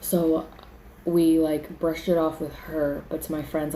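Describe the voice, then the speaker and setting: A woman's voice: sits low, level tone, unhurried, mellow, slight background noise. A woman telling the story of a scary dream in a casual, chatty way, often saying "like" and acting out her own panic. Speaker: vlogger recounting a dream. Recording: roomy echo.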